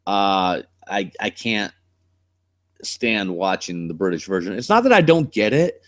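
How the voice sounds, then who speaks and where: A man's voice: lowish voice, big pitch swings, a little slow, fairly bright tone, no room sound, studio quality. A man with a West Coast American accent chatting casually on a live stream as the channel host, blunt, rambling and cursing freely.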